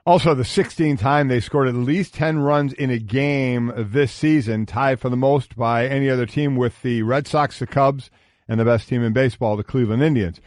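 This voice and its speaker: A man's voice: medium pitch, darkish tone, no room sound. A man co-hosting a sports radio show who reels off stats, stops and starts often, and makes dry sarcastic remarks. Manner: sarcastic, halting with fillers. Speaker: radio co-host.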